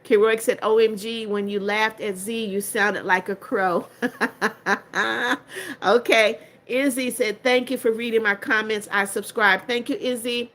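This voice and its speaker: A woman's voice: fairly high pitch, fairly even intonation, normal speed, hardly any pauses, fairly bright tone. An older woman with a stuffed-up, congested voice reads out viewer comments on her livestream. She answers each one in turn, chatty and blunt. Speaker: livestream host. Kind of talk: reading viewer comments aloud.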